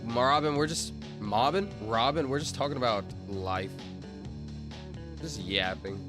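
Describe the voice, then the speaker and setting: A man's voice: mid-range voice, a little slow, music in the background. A man chatting casually on a livestream, rambling and interrupting himself while reading chat aloud.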